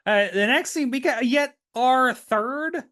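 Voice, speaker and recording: A man's voice: very high voice, takes it slowly, no room sound, clean studio sound. A man from Tennessee co-hosting a podcast, chatting casually about an old sitcom episode and acting out its lines. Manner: animated, laughs often, acts out quotes. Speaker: podcast co-host. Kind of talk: casual chat recapping a TV episode.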